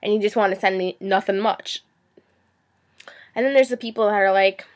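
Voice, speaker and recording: A woman's voice: medium pitch, normal speed, long pauses. A teenage girl ranting in a vlog, sarcastic and exasperated, now and then slipping into mocking impressions. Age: teens. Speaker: vlogger.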